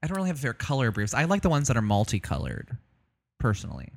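A man's voice: medium pitch, huge pitch swings, racing, creaky. A man co-hosting a live show, chatting casually with a crude, joking, rambling manner full of ums. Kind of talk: casual banter.

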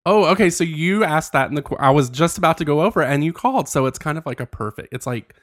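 A man's voice: fairly high pitch, expressive, fast talker, a bit bright. Man, host, casual chat, bubbly, giggly, rambling. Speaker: podcast host.

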